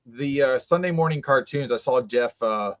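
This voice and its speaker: A man rambles through casual talk about trading cards, stopping and restarting often. His voice sits at an ordinary pitch. The stream audio is dull and lo-fi. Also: moderate pace. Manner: rambling with many fillers and restarts. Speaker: co-host of a trading card stream. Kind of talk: casual chat.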